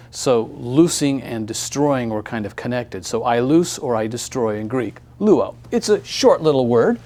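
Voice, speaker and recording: A man's voice: medium pitch, darkish tone. A man teaching a recorded grammar lesson, friendly and upbeat, explaining step by step.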